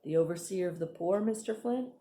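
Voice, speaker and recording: A woman voicing a polite, weary older man, speaking slowly and courteously. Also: on the low side, dark tone, natural voice. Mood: wary.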